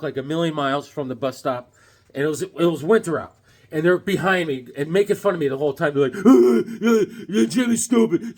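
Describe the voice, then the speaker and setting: Animated, husky-voiced man telling stories. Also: fairly high pitch. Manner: animated storyteller, acts out voices. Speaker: comic book vlogger. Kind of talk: casual show-and-tell chat.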